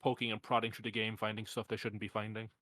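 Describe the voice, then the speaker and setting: A man's voice: lowish voice, level tone, pushed and bright, no echo. Dry-sounding male podcast host. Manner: teasing, halting with restarts. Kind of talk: casual podcast interview.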